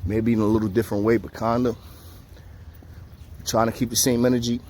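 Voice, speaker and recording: Brisk and mid-range, a man's voice tells the camera a jail story in casual, profane street slang. He's animated, acting out the voices of the people involved. The recording carries a little hiss or hum.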